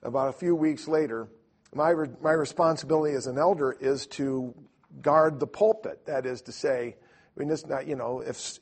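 A man with a gravelly, husky voice teaches a church class in a loose, storytelling way. He keeps restarting his sentences and pokes fun at himself along the way. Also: medium pitch, darkish tone. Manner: storytelling, self-deprecating, many restarts. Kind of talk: informal teaching talk.

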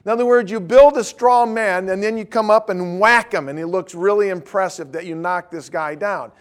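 A male pastor preaches with a notably high voice, his passion rising into urgent, near-shouted declarations before dropping into soft, joking asides. He is heard from a distance in a large hall. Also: moderate pace. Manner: impassioned, swings from shouting to quiet joking. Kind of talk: sermon.

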